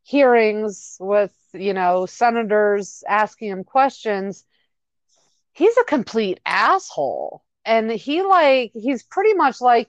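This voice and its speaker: A woman talking bluntly as a podcast co-host and swearing without hesitation. She speaks very slowly in a fairly high voice, and her audio comes through dry and muffled. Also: animated, dry recording. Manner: blunt, profane, slow-talking. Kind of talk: casual chat.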